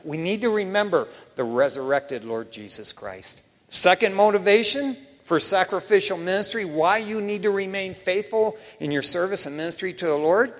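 A man's voice: on the high side, in a large hall. A middle-aged male pastor preaching a sermon in a casual, emphatic way, often dropping "man" and "you know" into his lines.

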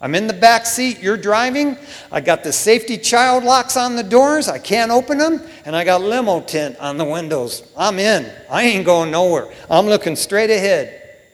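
A man voicing a brash, stubborn male disciple who boasts loudly in street slang, heard with long reverb. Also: mid-range voice, expressive, a little fast, few pauses, close to an everyday voice. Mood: boastful.

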